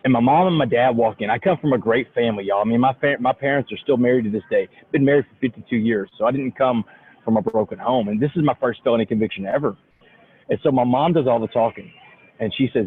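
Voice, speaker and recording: A man's voice: medium pitch, fast. A man, telling his life story as a motivational speaker in a folksy way, calling in from an airport. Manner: folksy, keeps saying y'all. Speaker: guest speaker. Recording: tinny phone line, faint noise.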